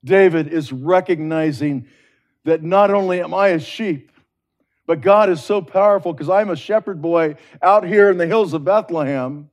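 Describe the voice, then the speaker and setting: A man with a high-sitting voice gives a sermon in a sincere, conversational style. He shifts from loud, forceful peaks to soft, drawn-out passages.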